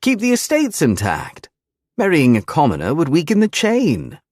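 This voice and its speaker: A man's voice: on the high side, huge pitch swings, normal speed, a little mellow, dry recording, studio quality, pitched above the performer's own voice. A man doing a sneering young aristocrat bully. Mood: taunting. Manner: sneering, taunting.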